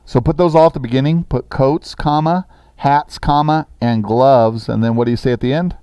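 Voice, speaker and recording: A middle-aged man teaching a sixth-grade language lesson in a classroom, brisk and encouraging, reading sentences slowly for students to copy. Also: medium pitch, warm tone, clean tone, no echo.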